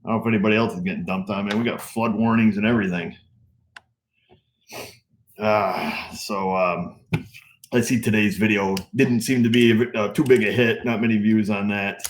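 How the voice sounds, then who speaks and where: Deep-voiced middle-aged man rambling casually. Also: moderate pace, slight background noise. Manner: rambling, relaxed, frequent fillers. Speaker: auto repair channel host. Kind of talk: casual live stream chat.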